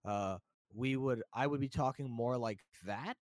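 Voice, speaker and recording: A young man from the United States talks in a loose, rambling way, full of fillers and restarts. His voice sits at an ordinary middle pitch. The recording is close and dry, with no room sound. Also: unhurried, no room sound. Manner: relaxed, rambling, many fillers. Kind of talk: casual chat.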